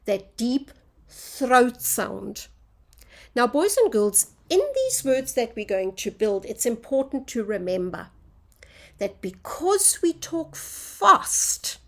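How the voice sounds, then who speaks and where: A woman's voice: a little high, very animated, takes it slowly, a bit bright. A woman teaching a phonics lesson to young children, drawing out each sound in a sing-song teacher voice.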